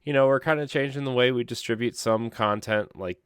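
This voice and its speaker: A man's voice: mid-range voice, fairly quick, clear, resonant tone, no echo, studio quality. A man co-hosting a gaming podcast, tired, joking and laughing through a rambling casual chat. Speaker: podcast co-host.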